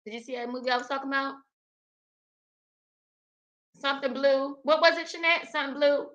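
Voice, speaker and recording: A chatty young woman hosts a casual livestream, reading out chat comments and laughing often as she calls her viewers "y'all." Her bright voice sits a little high and her pace is brisk. She sounds close to a webcam mic, with lo-fi sound.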